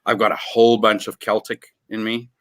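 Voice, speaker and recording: A man's voice: on the low side, monotone, brisk, fairly bright tone. Blunt, swearing middle-aged man ranting. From South Africa. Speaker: livestream guest. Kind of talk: casual livestream chat.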